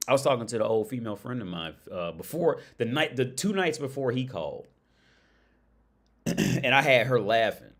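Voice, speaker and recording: A young man talking on his own livestream in a loose, rambling monologue. He stumbles and restarts often, repeating words, and swears freely. His pitch sits in the middle range. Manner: rambling, repetitive restarts, profane. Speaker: livestream host.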